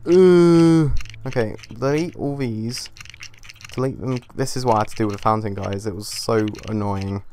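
A man's voice: on the low side, normal speed, darkish tone, slight background noise. A young man giving casual gameplay commentary as he builds, muttering to himself, swearing and getting easily frustrated. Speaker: gaming YouTuber.

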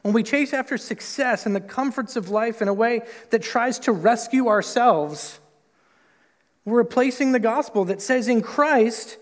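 Male pastor, conversational sermon delivery, acts out quotes, high-pitched, church with a long reverb tail. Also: measured pace. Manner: conversational, lots of "like" and "right?"; acts out quoted voices with big pitch jumps. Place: church sanctuary.

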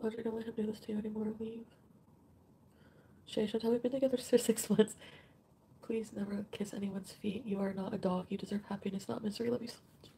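A woman's voice: a little high, flat delivery, quick pace, warm tone, a little hiss or hum. A woman live streaming, reading out viewer comments in an emotional way and swearing often.

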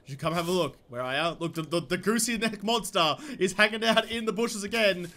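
A young man giving playful, excitable gameplay commentary, giggling and swinging between hushed scheming and loud outbursts. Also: sits high, brisk. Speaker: gaming YouTuber.

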